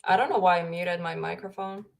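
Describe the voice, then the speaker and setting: A woman's voice: fairly low pitch, fairly even intonation, fairly quick, creaky, a little mellow. Brief: young woman streamer from Finland, giggly and rambling, casual home chat at a desk mic. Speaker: streamer host.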